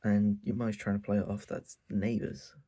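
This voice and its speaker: A man hosting his own channel, giving an animated, profane recap of a manga and acting out quotes as he goes. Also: on the low side, normal speed. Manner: animated, swears a lot, acts out quotes. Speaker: channel host.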